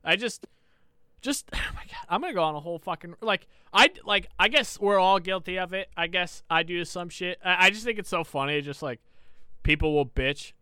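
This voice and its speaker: A man's voice: high voice, brisk, sharp tone, clean tone, dry recording, clean studio sound. A young man co-hosting a casual podcast, laughing often and mimicking customers while ranting and swearing freely. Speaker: podcast co-host. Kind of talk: casual chat.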